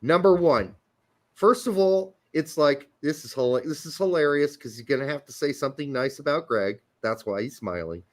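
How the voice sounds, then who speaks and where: A man hosts a casual soccer podcast with a lively, swooping delivery. He hammers his points home by repeating them, and he swears freely as he goes. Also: a little high, normal speed. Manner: emphatic, repetitive, profane. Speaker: podcast host. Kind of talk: casual soccer commentary chat.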